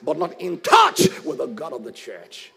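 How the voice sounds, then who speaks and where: A man preaching a sermon as pastor, shouting and lifting his phrases into a sing-song. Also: fairly high pitch, wildly swooping pitch, moderate pace, vocal fry, breathy edge.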